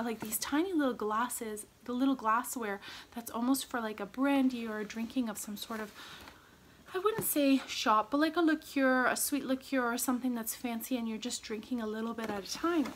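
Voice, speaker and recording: A woman showing off her shopping finds at home in a gushing, chatty way, now and then dropping to a soft whisper. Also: a little high, slight background noise. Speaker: vlogger. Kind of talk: casual haul chat.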